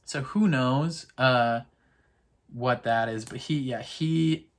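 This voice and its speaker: A man's voice: mid-range voice, slow pace. A man casually recapping a TV episode in a rambling, chatty way, full of fillers. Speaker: TV episode reactor.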